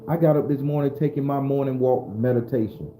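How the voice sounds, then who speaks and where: A man's voice: medium pitch, fairly quick, mellow, reverberant, soft background music. A man hosting a casual live-streamed spiritual talk, loose and preachy, speaking straight to his viewers. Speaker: spiritual livestream host.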